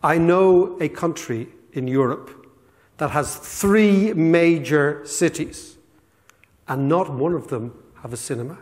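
An Irish man voicing a bold young male writer pitching a scheme in a grand, persuasive manner. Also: slow pace, in a large hall.

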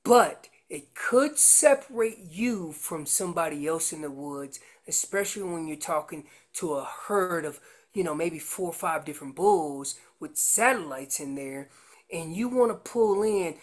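A man's voice: a little high, animated, a little slow. A man explaining how to make an elk call, teaching in an earnest way and often repeating words as he goes. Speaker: elk calling instructor.

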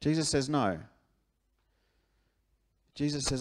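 A male pastor with an Australian accent preaches a sermon in church, his voice pitched fairly high and his pace normal. He speaks in a conversational, animated way and keeps repeating key phrases.

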